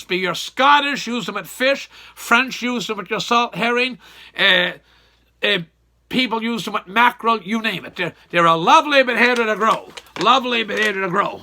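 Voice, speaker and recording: Man, gardening host, rambling and folksy, high and very bright. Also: a little hiss or hum. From Nova Scotia, Canada. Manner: rambling, folksy, repeats himself often. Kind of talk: casual how-to gardening chat.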